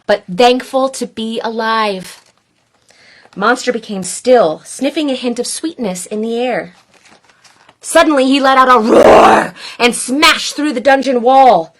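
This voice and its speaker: A woman reading a children's picture book aloud in a playful, expressive way. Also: fairly high pitch. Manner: playful, expressive, slow and deliberate. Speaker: storyteller.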